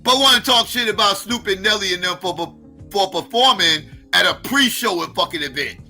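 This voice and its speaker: A man hosting a live stream, reacting in a heated, profane rant with repeated, drawn-out emphasis. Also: high-pitched, animated, bright, forceful tone, faint music behind.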